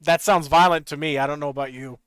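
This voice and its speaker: A man streaming a video game, chattering and joking excitably as he plays. His voice sits high and sounds smooth and clear. The sound is dry and close. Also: fast, dry recording. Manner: excitable, joking, laughs often. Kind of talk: casual gameplay commentary.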